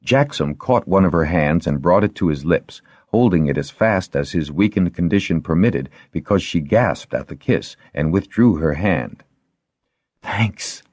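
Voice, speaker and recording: Low-voiced man narrating a novel, lively inflection, dry close sound. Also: normal speed, few pauses, no echo. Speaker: audiobook narrator. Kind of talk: scripted narration.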